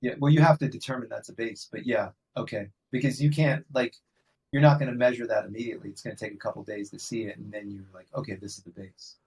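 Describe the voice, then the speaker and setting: A man's voice: on the low side, steady tone, fast, vocal fry, a little mellow, slightly rough, low-quality recording. A man co-hosting a casual trading discussion, asking probing questions.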